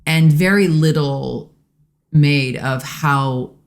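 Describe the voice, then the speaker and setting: Woman guest, low voice, earnest reflective delivery. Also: extremely slow. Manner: earnest, reflective, quotes people in lively bursts. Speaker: podcast guest, host's wife. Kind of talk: casual conversation.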